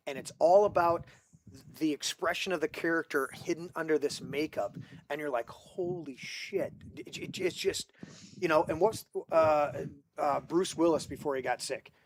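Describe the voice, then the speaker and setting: Rambling high-voiced man telling movie stories. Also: moderate pace, slight background noise. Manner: rambling storyteller with many restarts, acts out quotes. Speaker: podcast host. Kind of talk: casual group chat about movies.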